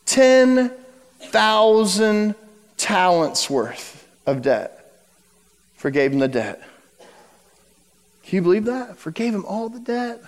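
A man preaching a sermon to his church, telling a story with dramatic shifts between loud emphasis and hushed words. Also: high-pitched, very animated, slow pace, pauses often, long reverb tail. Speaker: pastor. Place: church sanctuary.

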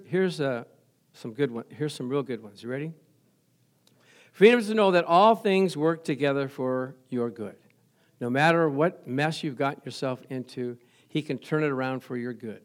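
A male pastor preaching an energetic sermon, often laughing and asking his congregation questions. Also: a little high.

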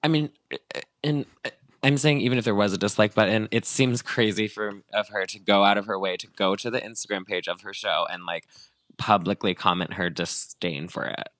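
A man's voice: fairly low pitch, fairly even intonation, moderate pace, fairly bright tone, no echo. A man co-hosting a podcast, chatting casually about celebrity gossip and acting out quotes with lots of fillers. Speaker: podcast co-host.

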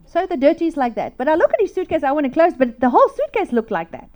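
A woman's voice: high voice, sing-song, fast talker, darkish tone. A middle-aged woman, preaching a sermon through emotional personal stories.

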